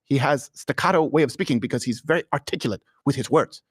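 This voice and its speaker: A man hosting a political comedy talk show in a studio, animated and sarcastic, often laughing. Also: medium pitch, fast talker, husky, dry recording. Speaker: host.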